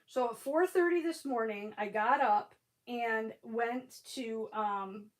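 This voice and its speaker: A woman's voice: fairly high pitch, slow. A middle-aged woman hosting a crafting livestream, chatting and rambling through a story with casual swearing.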